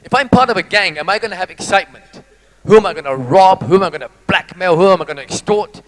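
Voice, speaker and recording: A man giving a lively, jokey motivational talk to a live audience. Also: sits high, fast talker, rough recording. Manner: animated, jokey, teases the audience. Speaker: motivational speaker.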